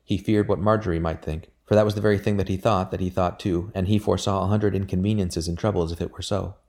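Low, dark-voiced male narrator. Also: flat delivery, fast, gravelly. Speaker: audiobook reader. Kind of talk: audiobook narration of a historical novel.

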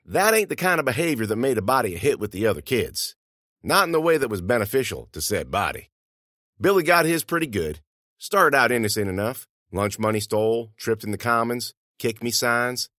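A man's voice: lowish voice, a bit bright, dry recording, studio quality. A man reading a first-person story aloud in a folksy, dialect-flavored way. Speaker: narrator.

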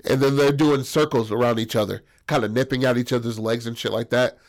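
A man telling a story in casual chat, profane and animated, acting out the voices. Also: medium pitch, brisk.

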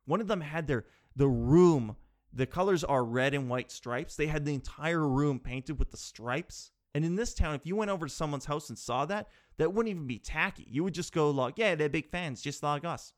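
A man talking in a rambling, animated way, asking himself rhetorical questions and swearing casually. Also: a little high, moderate pace. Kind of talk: casual chat.

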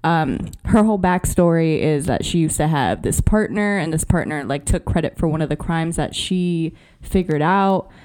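Woman podcast co-host, lower-pitched, profane and animated storyteller, casual chat. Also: moderate pace. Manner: slangy, profane, laughing storyteller.

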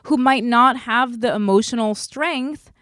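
A woman's voice: on the high side, unhurried, fairly bright tone, no room sound. Blunt, profane woman podcast host, dry sound. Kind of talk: casual chat.

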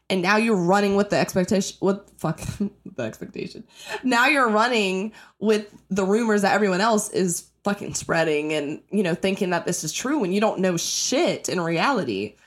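A young woman hosting her own podcast, ranting casually and bluntly with lots of swearing, jumping into high mock-outraged bursts. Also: normal speed. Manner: blunt, profane, animated, breaks into high-pitched mock outrage. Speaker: podcast host. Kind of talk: casual solo rant.

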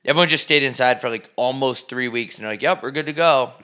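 A man's voice: mid-range voice, fast talker, sharp tone. A man co-hosting a casual chat with offhand, wisecracking banter.

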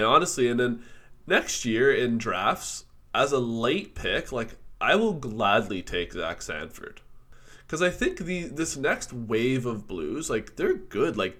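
Lively joking man talking sports. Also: mid-range voice. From Canada. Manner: animated, joking, teasing, laughs often. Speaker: podcast co-host. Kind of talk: casual sports chat.

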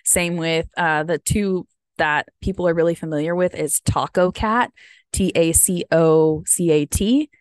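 A dry, echo-free recording of a US vlogger in her thirties whose voice sits on the low side and moves at a measured pace. She's a little sniffly from having cried and rambles through a casual chat, dropping lots of "um" and "like."

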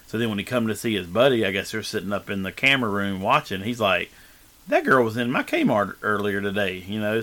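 Guest storyteller, male, rambling and casual, bright tone. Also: fairly low pitch. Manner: rambling, full of fillers and restarts. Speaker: guest telling his life story.

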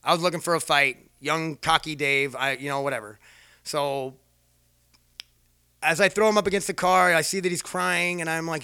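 Guy telling a wild story, cussing a lot, bright edgy voice, dry close sound. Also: on the high side, normal speed, gravelly, clean tone, no echo. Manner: profane, rambling, self-mocking. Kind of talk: casual personal storytelling.

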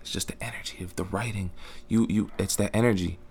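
Young male podcast guest with a very low voice, earnest and slangy. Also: fairly even intonation, fairly quick, darkish tone, slightly rough. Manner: earnest, slangy, restarts often. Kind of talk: casual podcast chat.

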